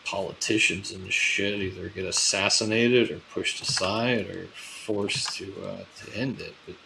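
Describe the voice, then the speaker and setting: A man with a somewhat low voice talks through a sci-fi role-play as a crew leader. He muses out loud in a loose, casual way and swears freely, with faint noise in the background. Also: fairly even intonation, measured pace, gravelly. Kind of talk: in-character role-play chat.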